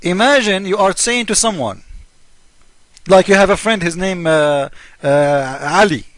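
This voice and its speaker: High-voiced man with broken English. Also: unhurried, fairly bright tone, dry recording. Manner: emphatic, mocking, broken English grammar. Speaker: video commentator. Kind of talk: casual polemic monologue.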